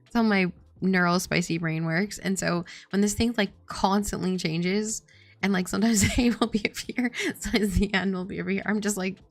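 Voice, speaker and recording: While streaming her game development work, a woman with a mid-range voice and steady tone chats casually, rambling with plenty of "like" and giggles. She keeps a moderate pace over soft background music, with no room sound.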